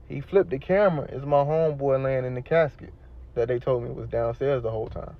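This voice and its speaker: Man telling a rough story, muffled sound. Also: medium pitch, moderate pace. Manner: street slang, rambling with many fillers. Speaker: interviewee telling his story. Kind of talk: casual storytelling.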